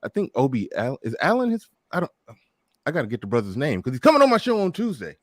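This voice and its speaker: A man's voice: medium pitch, wildly swooping pitch, fast talker, dry recording, studio quality. A man hosting a casual live talk show, joking, cursing and laughing as he chats with his audience. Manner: joking, swearing, laughing at his own stories. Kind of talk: casual livestream chat.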